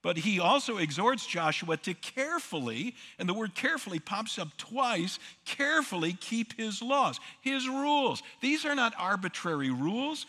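A pastor delivering a sermon in a slightly high, sharp, forceful voice. He presses his points with rhetorical questions and repeated words. A long reverb trails each phrase, as in a large church hall. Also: sing-song, normal speed, few pauses.

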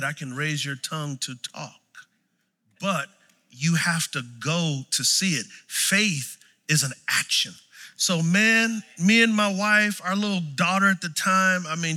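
Animated male preacher in a reverberant hall. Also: sits high. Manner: animated, storytelling, swings from shouts to quiet. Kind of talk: sermon.

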